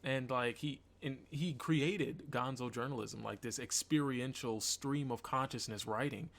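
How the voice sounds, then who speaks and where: A young man hosting a casual podcast chat. His voice sits mid-range for a man, and he talks in a relaxed, rambling way, often stopping to ask a follow-up question. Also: medium pitch, measured pace. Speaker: podcast host.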